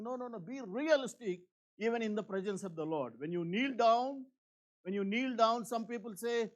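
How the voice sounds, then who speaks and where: A man preaching a church sermon in an earnest, repetitive way, with many fillers, swinging between emphatic and hushed. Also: extremely high pitch, normal speed, lo-fi sound. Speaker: pastor.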